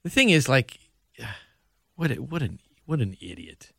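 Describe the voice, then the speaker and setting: A man hosting a podcast in casual chat, wry and quick to joke. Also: medium pitch, sing-song, vocal fry, fairly bright tone, husky, no echo, clean studio sound. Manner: wry, chiming in with jokes. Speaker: podcast host.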